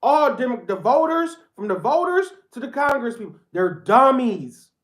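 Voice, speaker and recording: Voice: sits high, sing-song, moderate pace. A reaction commentator ranting bluntly in a casual, repetitive, slang-heavy way, often calling viewers bro. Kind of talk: heated casual rant.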